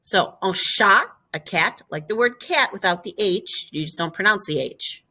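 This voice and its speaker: A woman teaching a French vocabulary lesson, explaining step by step and repeating each word slowly and clearly. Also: fairly low pitch, animated, sharp tone. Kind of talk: classroom lesson video.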